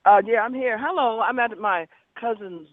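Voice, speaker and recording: An older woman with a Southern US accent, chatting warmly and animatedly as a guest on a phone interview. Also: on the high side, normal speed, no echo. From Alabama, US. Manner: chatty, laughing, animated storyteller. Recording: tinny phone line, dry.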